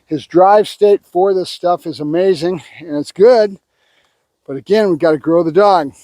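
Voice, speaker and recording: A man working as a dog trainer, calling short firm commands to a dog and calmly explaining his method as he trains. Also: high voice, measured pace, no echo.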